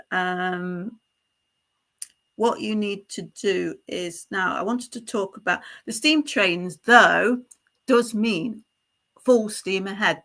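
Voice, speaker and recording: A woman with a bright, clear voice gives a live psychic reading. She talks in a halting, meandering flow, full of fillers and self-corrections. She keeps checking in with the sitter, asking "isn't it?" and "don't you?". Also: medium pitch. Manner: halting, stream-of-consciousness delivery with many fillers and restarts; addresses the sitter directly, checking in with tag questions. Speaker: psychic medium.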